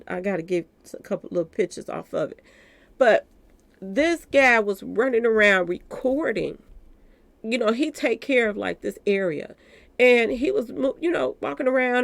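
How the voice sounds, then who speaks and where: Gravelly woman chatting to viewers. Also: mid-range voice, no room sound. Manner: talks straight to viewers, repeating "y'all". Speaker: commentary channel host. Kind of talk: casual commentary to viewers.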